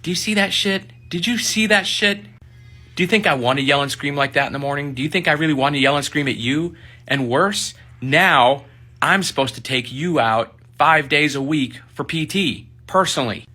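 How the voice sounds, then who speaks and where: Man playing a gruff staff sergeant, exasperated, ranting questions, raised bright voice. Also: fairly high pitch, moderate pace, voice pushed up. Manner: loud, ranting, rhetorical questions.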